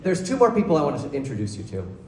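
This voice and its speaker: Man giving a loud opening-night speech. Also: a little high, huge pitch swings, fast. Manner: formal, building to loud announcements. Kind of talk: celebratory public speech. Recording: echoey, distant, loud crowd and noise.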